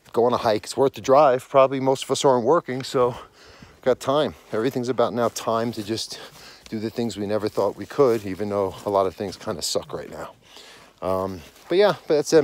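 A man in his forties, out of breath, chatting casually as a dog-training podcast host while walking outdoors in the mountains. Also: fairly low pitch. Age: 40s. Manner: rambling, self-correcting, conversational. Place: outdoors on a snowy mountain property at dusk.

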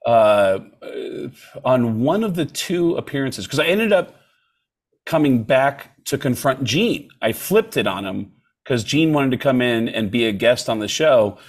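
A man in casual podcast conversation, telling stories with lively energy and dropping into quick impressions. His voice sits at a middle male pitch. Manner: animated storyteller who slips into voices. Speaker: comedian guest.

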